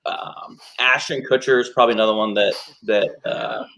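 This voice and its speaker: A man's voice: fairly low pitch, fairly even intonation, normal speed, pushed and bright, a little hiss or hum, low-quality recording. A man guest on a talk show, chatting casually and jumping into bits and voices. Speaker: guest impressionist and actor.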